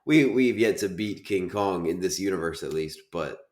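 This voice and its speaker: A man with a low, deep voice talks through a casual film review, hammering home his complaints with emphatic repetition. His voice rings around a bare, echoey room. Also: animated, moderate pace, a little mellow. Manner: emphatic, repeats points in frustrated rants. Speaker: podcast co-host.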